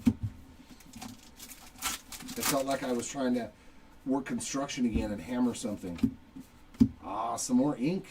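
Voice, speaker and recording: Cards get read aloud one by one as a middle-aged man runs a live card break, chatting and cracking jokes along the way. He has a mid-range, darkish voice, captured on a distant, somewhat off-mic setup with a rough sound and faint background noise.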